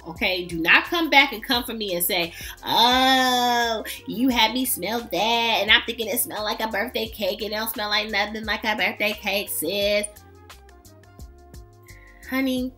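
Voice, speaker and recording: Young woman, fragrance vlogger; emphatic, playful delivery, unhurried pace, faint music underneath. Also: a little high, bright, forceful tone. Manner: chatty, emphatic, playful with sassy asides. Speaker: fragrance reviewer. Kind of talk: casual review vlog.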